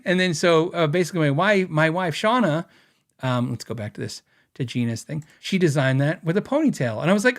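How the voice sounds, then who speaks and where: A man hosting a gear podcast in casual livestream chat, talking loosely, laughing often and jumping up in pitch when excited. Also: brisk. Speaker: podcast host.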